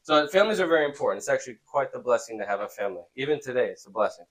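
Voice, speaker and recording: A man teaching a youth Bible class in a relaxed, conversational way, often checking in with the students. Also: mid-range voice, very fast, hardly any pauses, low-quality recording.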